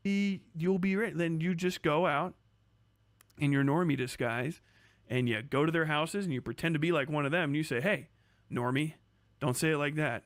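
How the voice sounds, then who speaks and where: A man's voice: on the high side, normal speed, no room sound. A man streaming casual commentary, crude and sarcastic, rambling and swearing often.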